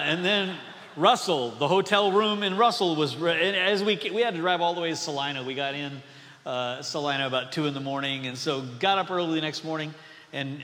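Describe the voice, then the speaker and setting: A man pastor from North Dakota preaches with a light, high voice and an easy, chatty delivery, tossing joking asides to his congregation. His sermon rings out with a long reverb through the church hall. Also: a bit bright. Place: church sanctuary.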